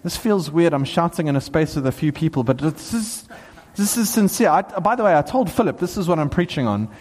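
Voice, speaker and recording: A man preaching a sermon to a small gathering, talking with lively excitement and bursts of emphasis. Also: on the high side, fairly quick, a little hiss or hum. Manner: animated, bursts into excited shouts and laughs. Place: small hall with a few people. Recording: long hall reverb.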